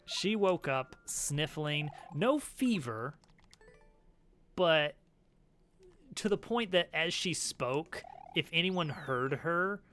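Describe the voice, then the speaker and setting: A man's voice: on the high side, expressive, slow pace, pauses often, a bit bright, faint music behind. A man streaming a video game, chatting casually and chuckling between asides. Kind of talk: casual chat while playing a game.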